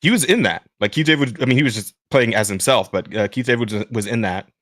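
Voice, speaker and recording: This podcast host is a man with a smooth, middle-pitched voice that leans a bit bright, and he talks fast in loose, casual conversation. His speech comes in rambling runs packed with restarts and fillers, often broken by laughter mid-sentence. The recording is dry with no room sound.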